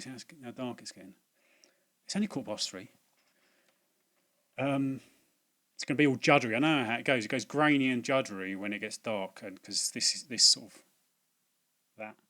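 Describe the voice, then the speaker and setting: A man with a mid-range, pushed, bright voice hosts a casual unboxing vlog about things he bought, rambling chattily with lots of fillers. He's recording in a room at home at dusk on his laptop's built-in mic.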